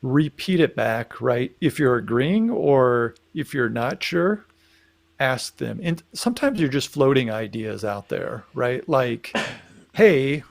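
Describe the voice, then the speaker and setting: A man's voice: mid-range voice, expressive, measured pace, gravelly. A man co-hosting a live talk show, speaking thoughtfully and often checking in with "right?". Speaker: podcast co-host. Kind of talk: casual live discussion.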